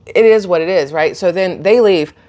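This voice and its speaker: A woman's voice: on the low side, moderate pace. A woman, telling a story casually to her phone and acting out the people in it with lots of energy. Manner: animated, chatty, laughs and gasps while retelling. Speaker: vlogger.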